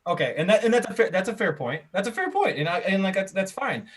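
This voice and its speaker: An American man and podcast co-host in a casual sports debate, talking in an animated, argumentative way with many restarts. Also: sits high, fast talker, husky.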